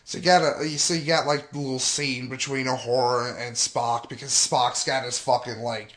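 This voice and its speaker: A man's voice: mid-range voice, steady tone, normal speed, fairly bright tone. A young man with an ordinary mid-range voice, talking casually as he recaps a film preview. He swears constantly and works himself up into exasperated rants. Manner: profane, ranting, heavy swearing. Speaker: gaming and movie vlogger.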